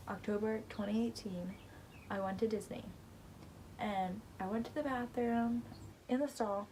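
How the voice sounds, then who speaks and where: A woman's voice: mid-range voice, slight background noise. Chatty teen girl telling stories. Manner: chatty, rambling, heavy use of "like". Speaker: vlogger. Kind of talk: casual storytelling to camera.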